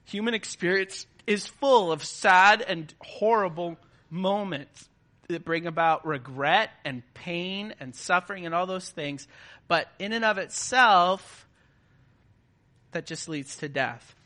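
A man with a high, strikingly bright voice delivers a sermon to a gathered congregation. He talks in a casual, conversational way and keeps checking in with his listeners. The tone stays sharp and forward throughout. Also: slow pace. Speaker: preacher. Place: before a live congregation.

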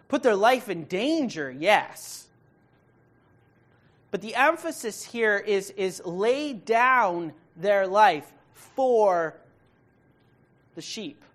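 A woman preaching a sermon, reading scripture and then explaining it, stressing key words and dropping from loud emphasis to hushed tones. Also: medium pitch.

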